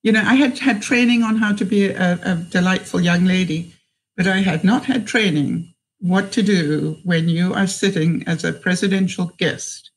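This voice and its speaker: A woman's voice: fairly low pitch, low-quality recording. A middle-aged woman vlogger telling a personal story, hesitant, with many fillers and restarts.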